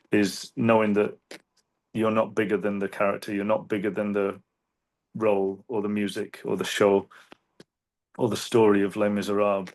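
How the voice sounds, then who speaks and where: A man with a fairly low voice speaks as a guest in an interview. He talks earnestly and reflectively, in an unhurried way. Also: a little mellow. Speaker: guest singer. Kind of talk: interview conversation.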